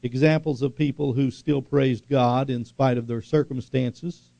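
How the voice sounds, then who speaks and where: Gravelly, mellow-voiced male preacher. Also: medium pitch, fairly even intonation, measured pace, no room sound. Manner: emphatic, repetitive, asks congregation questions. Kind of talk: sermon. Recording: dull lo-fi recording.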